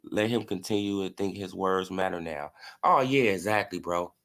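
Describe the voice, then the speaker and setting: This man's voice is low yet fairly bright, and he keeps a moderate pace. Hosting casual boxing commentary on a stream, he talks in a profane, mocking way, laughs a lot and responds to his chat.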